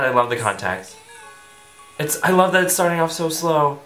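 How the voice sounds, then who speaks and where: A man reacting to a music video, pouring out breathless fanboy gushes. His voice leaps up and down with lively swings in pitch. The room around him rings with echo, and faint music plays underneath. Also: moderate pace. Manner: gushing, breathless fanboy exclamations.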